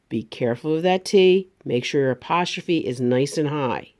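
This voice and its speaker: A woman teacher, giving a remote grammar lesson to young students and speaking slowly, over-enunciating each word. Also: sits low, a little mellow.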